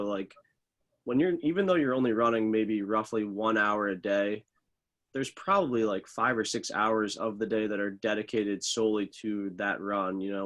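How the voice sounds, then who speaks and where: A young man, a professional runner, talking casually in an interview, loose and full of fillers. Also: fairly low pitch. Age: young adult. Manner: relaxed, loose, many fillers like "like" and "uh". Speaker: professional middle distance runner, guest.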